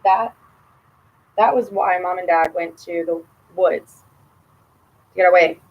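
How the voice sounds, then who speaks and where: A woman's voice: fairly low pitch, slow pace, lo-fi sound. Bitter, profane woman ranting. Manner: swings between muttering and heated outbursts. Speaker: vlogger addressing her sister. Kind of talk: personal rant to camera.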